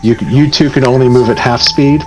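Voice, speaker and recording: A man narrates a tabletop horror game as game master, steady and mid-pitched, choosing his words slowly with plenty of ums. Faint music plays underneath. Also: highs cut off. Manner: measured, slow, hesitant with many ums.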